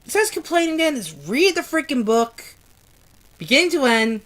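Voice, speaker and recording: A woman's voice: high voice, very animated, moderate pace, fairly bright tone. A woman reading a book aloud on a stream, who trips over hard words, restarts them and swears and laughs at her own slips. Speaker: amateur reader.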